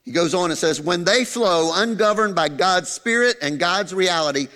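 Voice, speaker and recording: A man preaching a sermon as pastor, animated, dropping to soft low tones for emphasis. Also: moderate pace, big-room sound.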